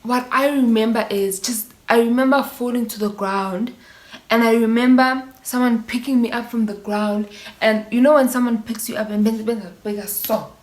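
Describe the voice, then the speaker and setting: A woman's voice: fairly high pitch, moderate pace. Chatty South African woman, echoey room. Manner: animated storytelling with Zulu slang and mimicked voices. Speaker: vlogger. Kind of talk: casual storytime.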